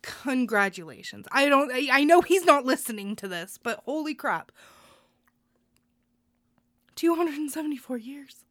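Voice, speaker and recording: A young woman with a fairly high voice chats casually as a podcast co-host. She is earnest and heartfelt and often rambles. The sound is close and dry. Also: animated, measured pace, long pauses, fairly bright tone, no room sound. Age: young adult. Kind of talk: casual news chat.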